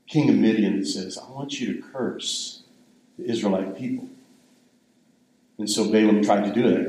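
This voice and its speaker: A man's voice: mid-range voice, warm tone, roomy sound, low-quality recording. An older man giving a sermon in a conversational, rambling storytelling way. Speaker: pastor.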